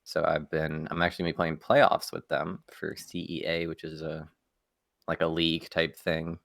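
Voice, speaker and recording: Deep, gravelly laid-back young man. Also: completely flat delivery, moderate pace, fairly bright tone. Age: young adult. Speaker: podcast co-host, college esports player. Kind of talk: casual podcast chat.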